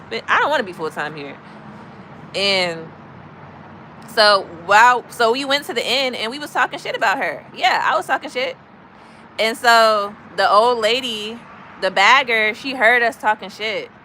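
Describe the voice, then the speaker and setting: A woman from Chicago chatting to her live stream, telling blunt, animated stories in a casual, gossipy way. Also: a little high, a little hiss or hum, poor audio. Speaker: livestream host. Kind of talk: casual storytelling to live chat.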